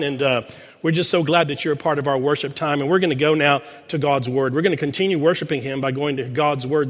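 A man's voice: fairly high pitch, fairly bright tone, in a large hall. A man with a Texan accent preaching a sermon as pastor, folksy and joking as he reads children's letters to his congregation. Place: large church sanctuary.

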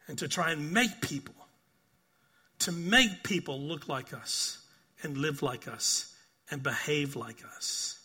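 An older man preaching a sermon. He tells stories earnestly, repeats phrases, and keeps asking "right?", rising to emphatic bursts and then dropping soft and quiet. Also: on the high side, husky. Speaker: pastor.

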